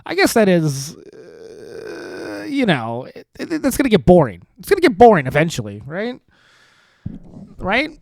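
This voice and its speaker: Rambling, sardonic man with a lively voice. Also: high-pitched, unhurried, gravelly, dry recording. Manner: rambling, profane, sardonic, with many restarts. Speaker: podcast host. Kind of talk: solo comedic monologue. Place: studio apartment.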